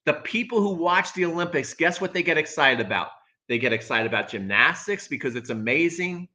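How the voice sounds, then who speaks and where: A man with a bright, forceful voice talks through tennis in a casual live stream. He is emphatic and repeats his points, and he answers viewer comments as he goes. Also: on the high side, expressive, a little fast.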